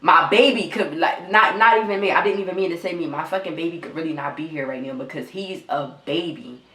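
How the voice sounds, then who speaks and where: Young woman vlogger, low voice, near tears, raw and repetitive, echoey room. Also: brisk, a bit bright. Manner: raw, repetitive, swears often, talks straight to viewers. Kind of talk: emotional storytime vlog.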